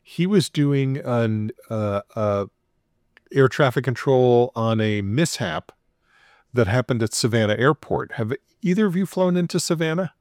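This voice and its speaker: A man with a mid-range voice unhurriedly retells a story on a podcast, playfully acting out the quoted voices with chuckles in an animated way. The sound is clean studio quality with no echo.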